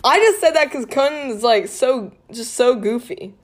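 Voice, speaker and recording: A woman's voice: fairly high pitch, expressive, measured pace. A young woman hosting a casual chat with a friend, giggly and rambling, often restarting her sentences. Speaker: podcast host.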